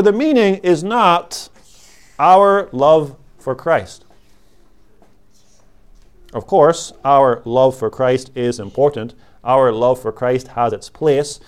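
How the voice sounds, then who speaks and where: A man preaching an expository sermon, slow and emphatic, repeating key words for weight. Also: a little high, a little mellow.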